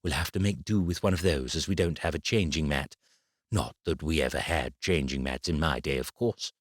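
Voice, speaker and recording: A man playing a practical older grandmother in an audiobook, speaking softly and matter-of-factly in a lowered voice. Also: normal speed, dry recording, studio quality. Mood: calm.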